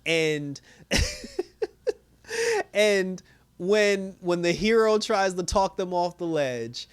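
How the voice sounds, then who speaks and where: A man giving a casual, rambling recap and review of a TV episode, excitable, with lots of fillers and laughing. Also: high-pitched, slow pace, smooth. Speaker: show reviewer.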